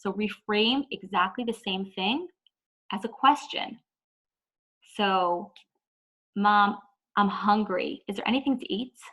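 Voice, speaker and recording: A woman's voice: medium pitch, fairly bright tone, low-quality recording. A woman teaching an online parenting lesson in a chatty way, often saying "like" and acting out whiny kids. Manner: chatty, says "like" a lot, acts out whiny kids.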